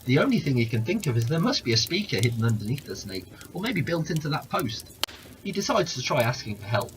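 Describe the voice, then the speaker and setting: A man reading a long story aloud as narrator, with expressive, animated delivery. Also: on the high side, fast talker, background noise.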